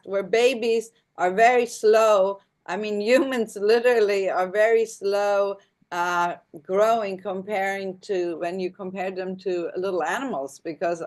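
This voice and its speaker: A woman, a guest on a video call, talking casually with many fillers. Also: mid-range voice. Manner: chatty, hesitant fillers, gentle.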